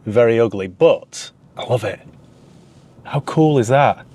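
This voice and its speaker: A man's voice: mid-range voice, expressive, measured pace, darkish tone. A man with a Northern English accent hosting his own car channel, chatty and wry, poking fun at himself as he talks. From England. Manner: chatty, wry and self-mocking. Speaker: used car dealer and channel host. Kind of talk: casual vlog narration.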